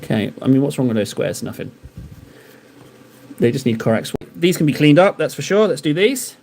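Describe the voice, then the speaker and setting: Guy painting minis on a live stream, kinda high voice, rambly and jokey, roasts himself and the chat. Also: sing-song, moderate pace, a little mellow, a little hiss or hum. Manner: rambling, joking banter with chat; self-deprecating.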